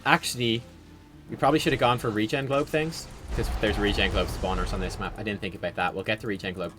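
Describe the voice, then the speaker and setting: A man streaming a video game, giving casual, rambling commentary with sudden excited outbursts. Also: lowish voice, fast, music in the background. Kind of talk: casual livestream gameplay commentary.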